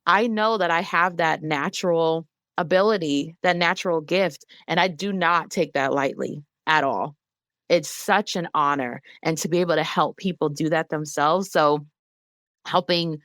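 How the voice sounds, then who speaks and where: A woman in her thirties, a guest on an interview show, speaking candidly and earnestly, growing animated when she quotes other people. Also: low-pitched, normal speed, dry recording, clean studio sound. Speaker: guest, emotional wellness advocate.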